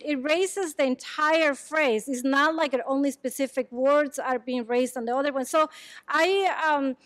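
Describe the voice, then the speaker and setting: High-voiced woman, halting academic answers. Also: fairly bright tone, no echo. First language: San Juan Quiahije Chatino. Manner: halting, searching for words while explaining. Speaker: presenter answering audience questions. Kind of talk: academic conference Q&A. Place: lecture room.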